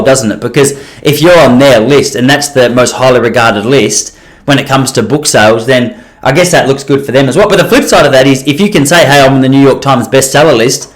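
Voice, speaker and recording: A man hosting a solo podcast, rambling and self-deprecating, with many restarts. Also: medium pitch. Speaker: podcast host.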